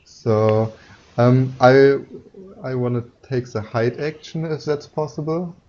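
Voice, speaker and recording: Hesitant male player, dark and slow, over a muffled noisy line. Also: mid-range voice, steady tone. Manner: hesitant, many ums. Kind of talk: casual game chat.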